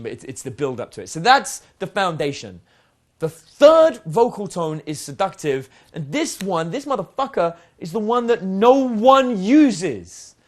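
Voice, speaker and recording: A man teaching a dating seminar in a lively, casual way, swearing now and then and acting out example lines. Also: sits high. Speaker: dating coach. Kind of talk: spoken seminar lesson.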